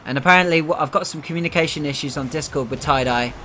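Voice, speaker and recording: A man from the United Kingdom calls an esports match live on a headset, his voice sitting a bit high. He rattles through the play, chats between plays and bursts out loudly at each goal. A faint hiss runs behind him. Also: fast. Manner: excitable, jumps up loudly at goals, chatty asides. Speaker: esports caster.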